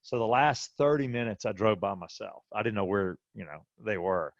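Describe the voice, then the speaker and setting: A man's voice: fairly low pitch, moderate pace, dry recording, muffled recording. A man co-hosting a podcast, telling a personal story in a casual way and acting out what other people said. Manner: animated retelling that acts out other people's quoted lines. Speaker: podcast co-host.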